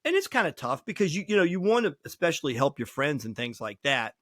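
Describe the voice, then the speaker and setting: A man who is a lawyer, hosting a casual talk show and telling folksy, animated stories on a close mic. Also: on the high side, fast, dry recording. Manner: folksy, animated anecdotes with acted quotes. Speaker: lawyer and podcast host.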